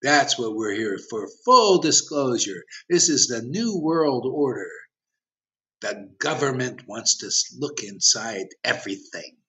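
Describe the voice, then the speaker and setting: A man's voice: medium pitch, sharp tone. A man giving an impassioned, provocative sermon as a spiritual teacher, challenging his listeners directly. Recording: dull lo-fi recording.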